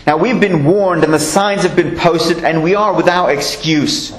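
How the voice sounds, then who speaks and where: A man preaching a sermon, reading scripture slowly and then explaining it in a chatty way. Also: fairly high pitch, echoey room, poor audio.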